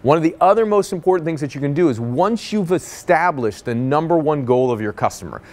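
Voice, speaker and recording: A man's voice: a little high, brisk. A man giving a motivational sales lesson as a business coach, telling stories and acting out the people in them. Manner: energetic, storytelling, acts out quoted voices.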